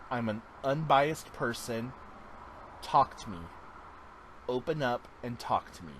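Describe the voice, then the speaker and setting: A man's voice: mid-range voice, a little hiss or hum. A man hosting his own podcast, talking in an earnest, heartfelt, rambling casual monologue. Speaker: podcast host.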